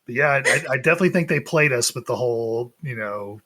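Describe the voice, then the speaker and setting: Husky laid-back podcast co-host. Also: mid-range voice, expressive, fast, sharp tone. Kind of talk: casual chat.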